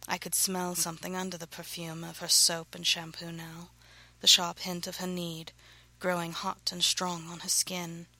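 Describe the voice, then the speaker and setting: Woman, author reading erotic fiction, breathy soft narration, near whisper, gravelly, bright-edged. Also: on the low side, completely flat delivery, moderate pace, no echo, rough recording. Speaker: author reading her own novel.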